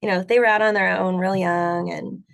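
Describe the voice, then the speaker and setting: A woman singer and bassist chatting in an interview, rambling with lots of fillers. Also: fairly even intonation, normal speed, creaky. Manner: rambling, many fillers, laughs often. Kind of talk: casual interview chat.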